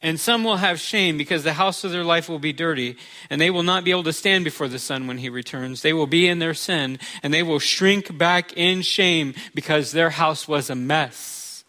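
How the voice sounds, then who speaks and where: A man's voice: a little high, normal speed, bright, forceful tone. A male pastor preaching a sermon in a conversational way, with touches of humor.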